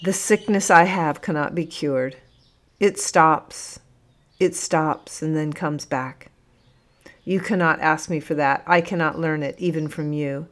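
A woman voicing a grieving army sergeant, a desperate father who barks orders and then pleads quietly, in an audiobook reading. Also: a little high, fairly even intonation, measured pace. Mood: resigned.

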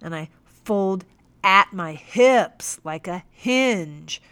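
A woman voicing a stubborn, irritable male captain who blusters and exclaims loudly in an audiobook reading. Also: sits high, animated, very slow, smooth, no room sound, full character voice. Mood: showy.

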